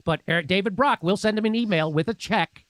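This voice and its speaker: A man's voice: sits high, fairly quick, a bit bright, no room sound. A man hosting a political commentary show, talking in a sarcastic, combative way. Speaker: show host.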